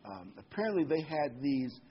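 A man's voice: fairly high pitch, animated, moderate pace, gravelly. A man delivering a sermon in a conversational way, with fillers and emphatic repetition. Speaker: preacher. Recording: dull lo-fi sound with faint noise.

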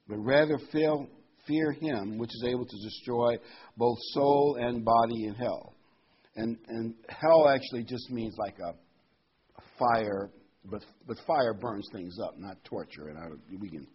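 A man with a slightly husky voice delivers a sermon, moving between easygoing explanation and louder, emphatic scripture reading. His pitch sits in an ordinary middle range. The recording sounds dull and lo-fi. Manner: conversational, rising to emphatic when quoting verses. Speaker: preacher.

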